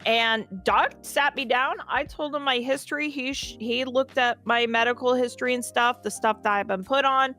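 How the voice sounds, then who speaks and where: A woman's voice: on the high side, steady tone, normal speed, hardly any pauses, pushed and bright. Woman, casual storytelling, profane, candid, faint background music. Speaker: interview guest.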